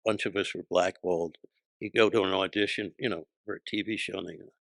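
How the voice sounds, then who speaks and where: A man's voice: sits low, fairly even intonation, quick pace, vocal fry, a bit bright, dry recording. An older man, a comedian guest, telling punchy, profane anecdotes and acting out voices in an interview. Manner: punchy, profane, acts out voices in his stories.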